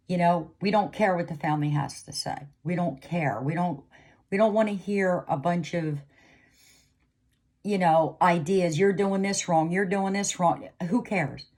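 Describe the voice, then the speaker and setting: A middle-aged woman with a low, somewhat dark voice gives an emotional intuitive reading straight to camera. Speaking as a psychic reader, she pleads and keeps repeating herself.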